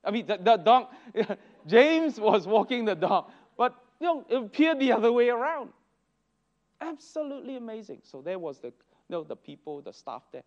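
A man teaching a church Sunday school lesson, telling stories with lively exclamations. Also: very high-pitched, normal speed. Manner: animated storytelling with exclamations. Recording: dull lo-fi recording.

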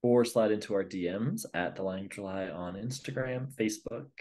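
A man's voice: lowish voice, fast talker, darkish tone. A man co-hosting a podcast in casual chat, with a dry, teasing manner. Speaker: podcast co-host.

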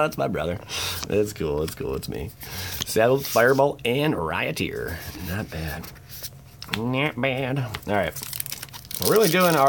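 Excitable low-voiced man opening packs. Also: a little hiss or hum. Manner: excitable, jokey, sudden loud exclamations. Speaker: channel host opening card packs. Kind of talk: casual pack-opening commentary.

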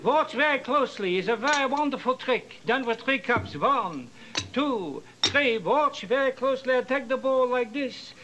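A man's voice: very high-pitched, expressive, normal speed, noisy background. An old Yiddish-accented showman magician. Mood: teasing showman. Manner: coaxing, teasing patter with the audience volunteer. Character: elderly male New York magician, heavy Yiddish accent, chummy showman.

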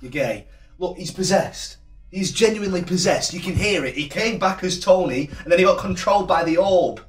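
Excitable young man, high voice. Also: normal speed, roomy sound, distant mic, soft background music. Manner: excitable, swearing, blustering. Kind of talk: improvised sitcom banter.

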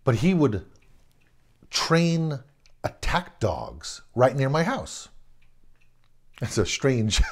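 Speaking off the cuff, a middle-aged man from Southern California, USA, recalls a story from his old neighborhood. His pitch climbs and dips as he talks, and he keeps doubling back on words and laughing softly, giving a rambling, casual anecdote.

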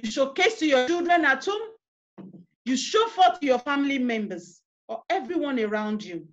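Heard through a video call with dull audio, a Nigerian-accented woman runs an online parenting workshop. She speaks earnestly at normal speed in a high, expressive voice, questioning her listeners often and guiding them through an imagined scene.

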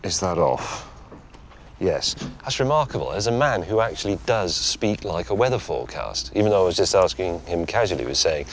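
A man's voice: deep voice, sing-song, moderate pace, slight background noise. A man presenting on location outdoors, enthusiastic, with a dry, self-mocking humour. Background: clear music.

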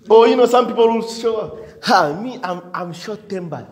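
A man's voice: high voice, very animated, moderate pace, few pauses. A male pastor preaching a sermon with emphasis, repetition and frequent amens, in a church. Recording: long church hall reverb.

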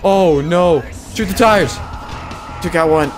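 A man giving excitable live gameplay commentary, yelping and laughing at the action as game music plays. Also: high voice, slow pace.

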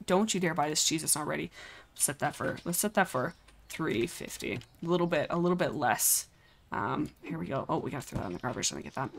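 A woman with a low, gravelly voice giving live game commentary, flustered and joking as she talks to the customers on screen. A faint hiss sits under her voice. She keeps up a running stream of self-mocking remarks.

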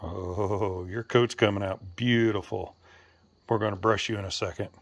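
Gravelly man coaxing his animals. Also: lowish voice, steady tone, moderate pace, dry recording. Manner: coaxing and scolding, short commands. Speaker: owner feeding and grooming his animals. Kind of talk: casual talk to animals.

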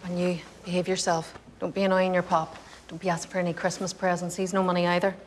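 A brisk young mother from Northern Ireland, played by an actress, scolds her son at a quick clip. Her voice is a little low. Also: level tone, background noise, close to an everyday voice. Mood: scolding. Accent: Northern Irish. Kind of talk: film drama.

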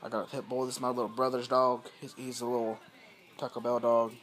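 A man talks into his phone camera at home and tells a story in a loose, unscripted way. He rambles, swears freely and circles back over the same points. His voice sits at an ordinary middle pitch. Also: little pitch movement, fast talker, fairly bright tone. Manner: rambling, profane, repetitive. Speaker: vlogger. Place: at home, indoors.

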